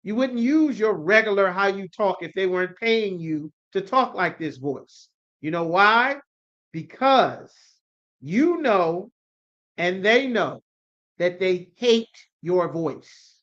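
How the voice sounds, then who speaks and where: An emphatic man preaching to a scripture class, driving his points home with rhetorical questions and a steady "you understand?" The recording is somewhat dull and lo-fi, with a muffled top end. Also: high voice, slow pace.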